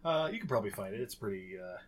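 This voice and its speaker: Another podcast co-host, a man with a fairly low voice, races through a casual chat over a noisy background. He banters animatedly and laughs a lot.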